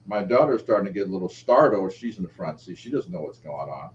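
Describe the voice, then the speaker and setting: A middle-aged author, being interviewed, tells a personal story with energy, acting out quoted voices by shifting his pitch. He talks fast with few pauses, and the dull lo-fi audio carries faint background noise.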